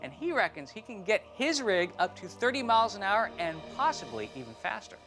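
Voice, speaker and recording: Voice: mid-range voice, very animated, fairly quick. A host casually explaining and introducing an expert. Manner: enthusiastic, explanatory. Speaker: show host. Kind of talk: casual presenting. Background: music.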